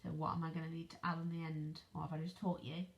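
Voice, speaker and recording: A woman teaches phonics to young children over video. She speaks slowly and clearly, spells words out letter by letter, and keeps checking in with questions. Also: deep voice, little pitch movement, slight background noise. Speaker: primary school teacher. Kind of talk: online phonics lesson for children.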